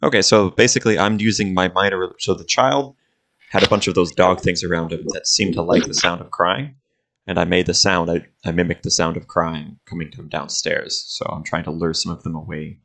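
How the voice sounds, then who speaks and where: Deep, gravelly tabletop player. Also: male voice, steady tone, a little fast, a bit bright. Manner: explanatory, matter-of-fact. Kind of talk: tabletop game play.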